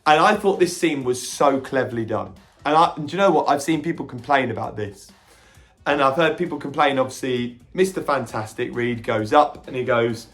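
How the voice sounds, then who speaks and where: A man hosting a podcast, retelling a film with animated energy, jumping into quick character quotes and stumbling over restarts now and then. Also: mid-range voice, faint music behind. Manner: occasional stammering restarts. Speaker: podcast host reviewing a film. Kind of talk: casual film reaction recap.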